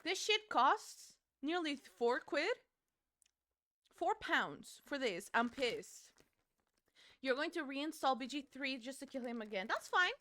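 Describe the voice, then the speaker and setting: A young woman chats loosely with her stream audience as she plays, reading messages aloud between giggles and swear words. Her voice sits high and sounds bright and forceful. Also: very animated, slow pace. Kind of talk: casual chat with stream chat while gaming.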